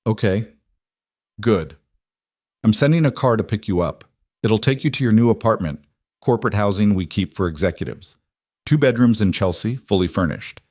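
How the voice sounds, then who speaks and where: A man voicing a powerful mafia boss who speaks in firm, commanding lines with a quietly gentle edge. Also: on the low side, expressive, normal speed, pauses often, no room sound, studio quality.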